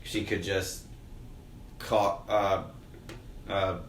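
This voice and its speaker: A man in his thirties co-hosting a casual podcast, relaxed and agreeable as he recaps. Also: deep voice, very slow, a little hiss or hum. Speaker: podcast co-host. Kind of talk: casual chat. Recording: echoey room, faint ambience.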